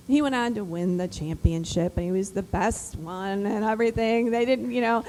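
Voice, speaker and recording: A woman giving an emphatic, animated motivational talk to mothers, built around personal stories. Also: a little high, normal speed, few pauses, a little hiss or hum, poor audio. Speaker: speaker addressing mothers. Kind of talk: motivational storytelling speech.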